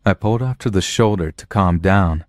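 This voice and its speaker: Deep-voiced man narrating a horror story. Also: moderate pace, no echo, studio quality. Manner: blunt, profane storytelling.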